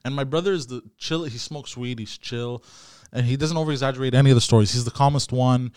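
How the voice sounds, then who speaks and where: A man's voice: medium pitch, fast, darkish tone, smooth, dry recording, studio quality. A man hosting a podcast, telling a rambling, profane story in casual chat. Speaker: podcast host. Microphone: studio mic.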